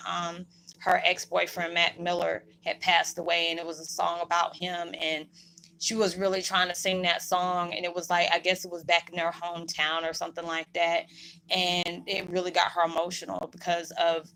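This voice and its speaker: Speaking to her viewers, a spiritual vlogger rambles in a heartfelt, emotional way, fighting back tears. Her voice is fairly low, gravelly, pushed and bright, and the low-quality recording carries slight background noise.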